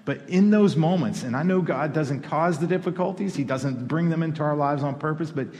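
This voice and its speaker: A man's voice: fairly high pitch, fairly quick, darkish tone, long reverb tail. A man preaching a sermon to his congregation, talking conversationally and rising to emphatic peaks. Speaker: pastor. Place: church hall.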